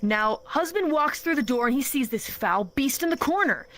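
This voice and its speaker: A woman telling a story in casual chat with friends, playful and animated, with many asides. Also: high voice, moderate pace. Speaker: storyteller among a group of streamers.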